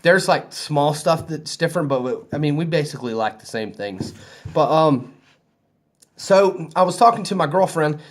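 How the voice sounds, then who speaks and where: A man with a Southern US accent chats to camera in a loose, rambling way, his voice sitting a little high. He sounds easygoing and conversational, like he is talking to friends from a hotel room. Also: animated, normal speed. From American South. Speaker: vlogger. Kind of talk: casual storytelling to camera.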